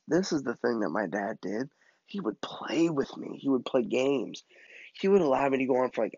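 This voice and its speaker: A man tells a comic story in a loose, animated, self-mocking way. His voice is mid-pitched, and the recording is dry and a little muffled. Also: gravelly, breathy edge, no echo.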